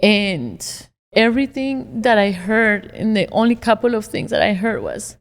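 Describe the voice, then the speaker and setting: A woman's voice: medium pitch, lively intonation, a little slow, long reverb tail. Tearful woman sharing a heartfelt story. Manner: emotional, heartfelt storytelling, on the edge of tears. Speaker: podcast co-host. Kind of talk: casual podcast conversation.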